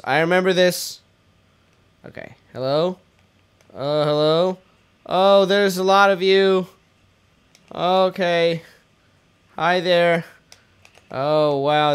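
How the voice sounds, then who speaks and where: A man's voice: fairly high pitch, a bit bright, clean tone. A young man hosting a let's play, rambling jokily and self-deprecatingly as he plays. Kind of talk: casual gameplay commentary.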